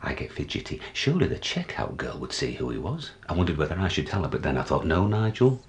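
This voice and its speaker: An actor playing a deluded, paranoid older man, confiding and jumpy, swinging from hushed to shouting, in a dramatic stage monologue. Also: extremely low pitch, sing-song, fast, vocal fry, exaggerated voice. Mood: conspiratorial.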